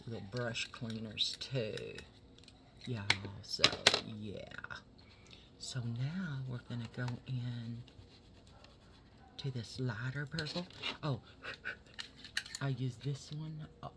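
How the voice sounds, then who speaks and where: A man chatting casually to his viewers while doing his makeup. He swears freely and drops into soft whispers as he works. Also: medium pitch. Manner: chatty and profane, talks straight to viewers. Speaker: makeup vlogger. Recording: steady background noise.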